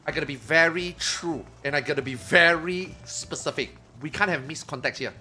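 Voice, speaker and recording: A man streaming, telling a story to his chat in a casual, animated way, swearing freely and acting out his friends' lines. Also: a little high, fairly quick, hardly any pauses, soft background music.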